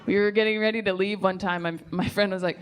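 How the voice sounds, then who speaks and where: A woman's voice: medium pitch, steady tone, fast talker. A woman in her thirties doing stand-up, chatty and giggly, often asking the crowd questions. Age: 30s. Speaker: stand-up comedian. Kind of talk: stand-up comedy set. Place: comedy club stage. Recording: live club recording with crowd. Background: audience laughing.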